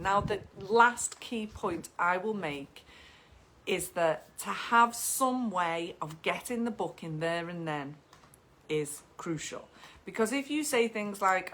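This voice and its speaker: Chatty woman coaching, lowish voice. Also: sharp tone. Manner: enthusiastic, chatty, acts out client conversations. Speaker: photography business coach. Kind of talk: casual teaching talk with role-play examples.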